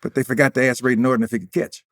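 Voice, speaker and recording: A man's voice: medium pitch, level tone, very fast. Boastful older man telling stories. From Indiana, USA. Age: 80s. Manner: boastful, acts out quoted dialogue. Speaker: interview guest. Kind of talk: casual interview storytelling.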